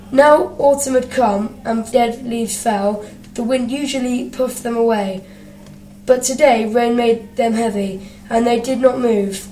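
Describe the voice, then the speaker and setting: A woman reading a children's storybook aloud, expressive and doing character voices. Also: fairly high pitch, a little hiss or hum. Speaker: narrator. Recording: echoey room, distant mic, faint ambience.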